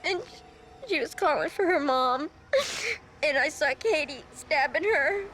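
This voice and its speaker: An actress narrating as a shaken young woman recalling a night of killings, in a hushed, halting way. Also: mid-range voice, faint music behind, natural voice. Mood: haunted. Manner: halting, hushed, haunted recollection. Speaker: narrator recounting events as a former cult member. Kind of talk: dramatized documentary testimony.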